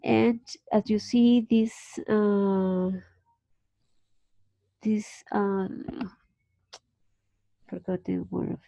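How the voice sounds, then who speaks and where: A woman's voice: medium pitch, fairly even intonation, gravelly, dark tone, no room sound. Colombian woman teaching English, patient. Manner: patient, explains slowly with restarts. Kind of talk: online class explanation.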